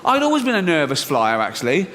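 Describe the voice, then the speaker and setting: A man's voice: a little high, huge pitch swings, quick pace, a bit bright, in a large hall. A man performing a stand-up comedy routine, telling stories sardonically, mocking his own fears and swearing freely.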